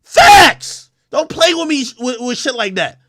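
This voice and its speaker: A man from Jamaica hosting his own show, delivering a profane, aggressive, confrontational rant and often breaking into shouts. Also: very high voice, lively intonation, moderate pace. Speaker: host. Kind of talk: ranting livestream commentary.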